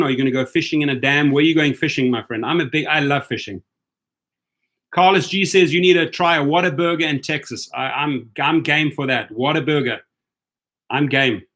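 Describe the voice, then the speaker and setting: A man's voice: medium pitch, a bit bright. A man hosting a casual live stream for drivers, upbeat and chatty, greeting viewers by name.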